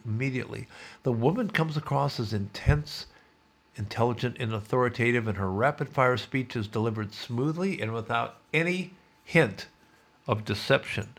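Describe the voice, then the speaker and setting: A man's voice: mid-range voice, normal speed, fairly bright tone. A man hosting a podcast, reading a news story aloud and breaking off for wry, sardonic asides. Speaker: podcast host.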